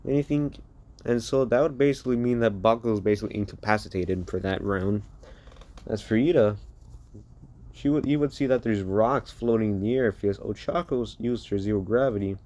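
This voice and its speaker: A man improvising a fan-fiction story out loud, rambling with many restarts and repeated words. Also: on the low side.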